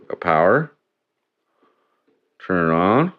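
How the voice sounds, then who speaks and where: A man with a very low voice hosts a casual livestream at an unhurried pace. He chats loosely with viewers and curses freely while he fiddles with his setup. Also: expressive, narrow, tinny audio, faint music behind. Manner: swearing, grumbling over tech trouble. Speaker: livestream host.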